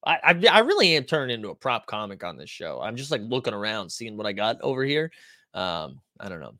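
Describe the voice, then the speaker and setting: A man's voice: on the low side, very animated, fairly quick, sharp tone, no echo, clean studio sound. A man hosting a casual stream, reading viewer comments aloud in a loose, conversational way, full of likes and ums. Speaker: stream host.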